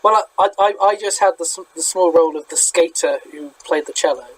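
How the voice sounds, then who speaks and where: A man's voice: on the high side, fairly quick, slightly rough, poor audio. A man with a British accent hosting a podcast in casual chat, chatty and self-deprecating, often stumbling and restarting. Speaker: podcast host.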